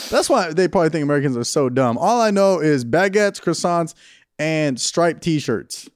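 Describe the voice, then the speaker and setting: High, lively young man joking around. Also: a little slow, pauses often, clean tone, no room sound. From California. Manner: joking, laughs often, mimics voices. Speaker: podcast co-host. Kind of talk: casual chat.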